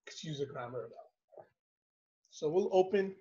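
High-voiced guy teaching a study circle on a video call, asks lots of questions, muffled lo-fi sound. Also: moderate pace, pauses often. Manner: animated storytelling, rhetorical questions. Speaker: halaqa speaker and host. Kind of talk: religious lesson over video call.

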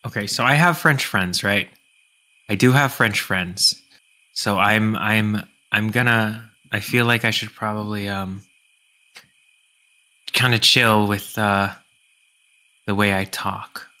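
A man with a sharp, very bright voice chatting casually on a stream. He jokes and rambles, tripping over restarts as he goes. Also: lowish voice, steady tone, poor audio. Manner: joking, rambling, halting. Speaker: streamer guest.

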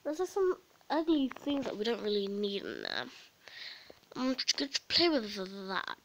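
A woman's voice: medium pitch, huge pitch swings, a little slow, a little hiss or hum, poor audio. A woman chatting casually and rambling as she narrates her own game role-play. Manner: chatty, rambling, with many restarts.

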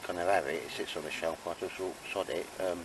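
A man's voice: low-pitched, steady tone, fast talker, distant mic. A man with a Cockney accent chatting casually and joking with mates while camping outdoors. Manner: chatty, jokey banter with mates. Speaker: camping vlogger. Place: outdoor woodland camp. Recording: background noise outdoors.

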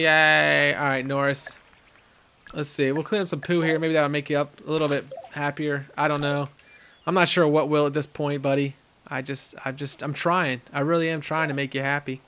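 A young man giving casual commentary over a zoo-building game, chatting to the animals on screen with sudden excited outbursts. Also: on the high side, slight background noise. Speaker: gaming channel host.

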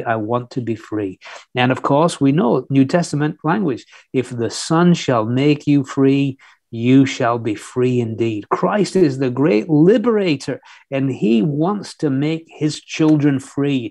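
A man's voice: a little high, creaky, darkish tone, slightly rough, dry recording. A man preaching a sermon, fervent and earnest, often restarting his phrases.

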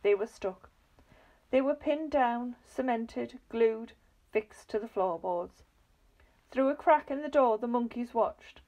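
A woman reading a children's book aloud, lively and expressive. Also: a little high, slow pace, lo-fi sound. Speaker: reader.

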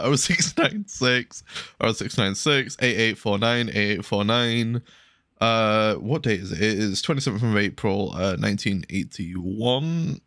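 A man's voice: fairly low pitch, a bit bright, no room sound, clean studio sound. A man giving casual, rambling game commentary, mocking himself and swearing freely. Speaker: gaming channel host.

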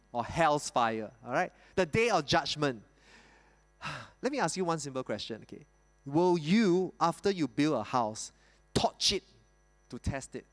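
Lively male pastor preaching in a hall. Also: fairly high pitch. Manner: explains scripture with rhetorical questions and repetition. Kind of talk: sermon. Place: church hall. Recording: reverberant church hall.

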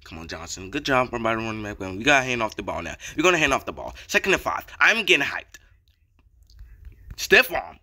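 A young man giving casual commentary over his football video game, slangy and excitable, repeating chants and getting hyped on big plays. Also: on the low side, very fast, hardly any pauses. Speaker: gaming YouTuber. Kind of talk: gameplay commentary.

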